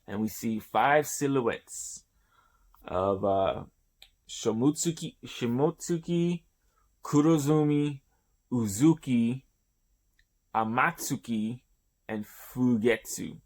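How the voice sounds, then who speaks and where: A man talking through a comic chapter in a loose, rambling play-by-play, dropping swear words as he describes each panel. He speaks slowly and in a mid-range voice, often pausing to search for words. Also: mid-range voice, animated, a little mellow. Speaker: host of a manga review show. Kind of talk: casual chapter review.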